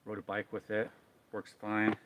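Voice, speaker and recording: A man's voice: fairly low pitch, monotone, normal speed, muffled recording, noisy background. A man vlogging outdoors in a forest, talking casually and rambling with lots of fillers. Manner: rambling, easygoing, many fillers.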